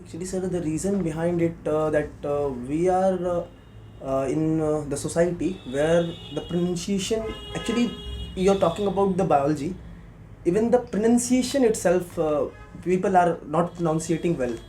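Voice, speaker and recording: A man's voice: a little high, moderate pace, dark tone, a little hiss or hum. A man in his twenties from Bihar with an Indian accent, answering questions as a candidate in a mock job interview, hesitant with many fillers and growing insistent when he argues. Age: 20s.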